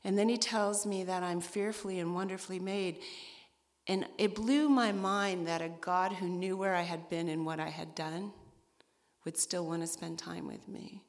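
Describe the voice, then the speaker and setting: A woman's voice: lowish voice, fairly even intonation, normal speed. A middle-aged woman who leads a women's ministry, giving a candid, self-deprecating personal testimony. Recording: echoey hall.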